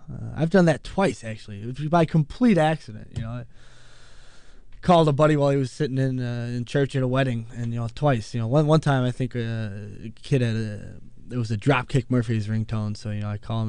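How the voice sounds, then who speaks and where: Rambling man hosting with a gravelly voice. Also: medium pitch, fairly quick, darkish tone, no room sound, clean studio sound. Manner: rambling, full of fillers and asides. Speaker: host. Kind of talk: casual rambling monologue.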